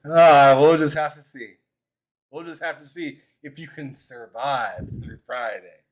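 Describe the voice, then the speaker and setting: A man's voice: on the high side, measured pace. Guy teasing his friend on a gaming podcast, laughs a lot, keeps restarting sentences. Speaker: podcast co-host. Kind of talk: casual trash talk with a friend.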